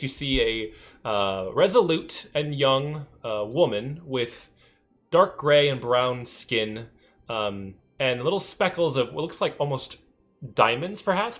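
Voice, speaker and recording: A man's voice: mid-range voice, fairly bright tone. A man narrating a tabletop game as game master, hesitant and full of ums. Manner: hesitant, many ums and uhs.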